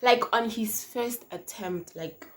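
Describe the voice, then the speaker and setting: A young South African woman telling a casual storytime on her vlog, animated and slangy, swinging between loud and hushed. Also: on the high side, slow. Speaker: vlogger. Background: faint noise from outside.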